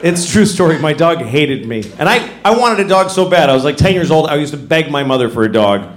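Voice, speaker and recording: A middle-aged man doing stand-up comedy, animated, often breaking into loud character voices. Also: on the high side, a little fast. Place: comedy club stage. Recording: echoey venue with noisy ambience.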